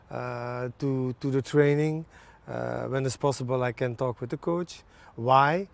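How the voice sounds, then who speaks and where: Man speaking halting non-native English. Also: mid-range voice, darkish tone. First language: not English. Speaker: national team head coach. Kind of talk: TV sports interview.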